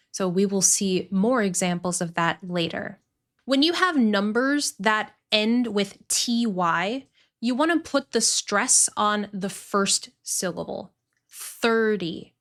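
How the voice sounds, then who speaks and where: A woman teaching English pronunciation, explaining clearly and repeating words deliberately. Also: a little high, fairly bright tone. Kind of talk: pronunciation lesson.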